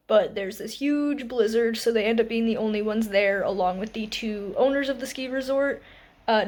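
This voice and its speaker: A young woman in her twenties vlogging from home about her reading, chatty and upbeat, with little laughs and quick asides. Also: fairly high pitch. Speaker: book vlogger. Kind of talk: casual reading vlog. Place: at home, indoors.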